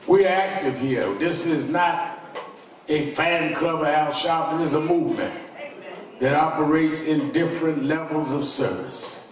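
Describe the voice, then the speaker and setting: A man's voice: fairly high pitch, distant mic. Man preaching to a crowd in a big echoing hall. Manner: leads the crowd in song, then speaks in a slow, drawn-out preaching cadence. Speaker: leader of a civil rights organization. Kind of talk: rally speech and call to sing. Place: large hall or sanctuary with live music. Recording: roomy hall with loud music, voice heard from off mic.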